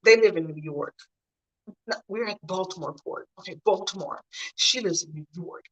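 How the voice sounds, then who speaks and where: A woman's voice: on the low side, normal speed, low-quality recording. A middle-aged woman from the Mid-US, telling stories casually and chatting straight to her viewers in a home vlog. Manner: chatty, animated, talks to viewers directly. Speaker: vlogger.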